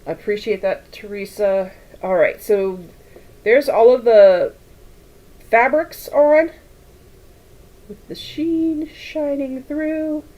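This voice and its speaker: A woman talks her way through a sewing session on a livestream, easygoing and chatty. She drifts from one tangent to the next and laughs often. She speaks at a slow, unhurried pace. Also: on the high side, warm tone, low-quality recording. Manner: chatty, rambling, laughs often, reads chat aloud. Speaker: quilting livestream host. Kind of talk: casual chat while sewing.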